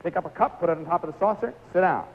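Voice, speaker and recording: A man's voice: high voice, expressive, very fast, muffled recording. A man hosting a live 1950s television game show, coaxing contestants through stunts with a jovial, laughing manner.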